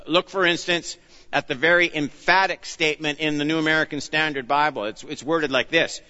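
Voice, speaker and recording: A man preaching an expository sermon, earnest and emphatic, often dropping low and soft on key phrases. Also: normal speed. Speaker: pastor. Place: church. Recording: dull sound, long reverb of a church hall.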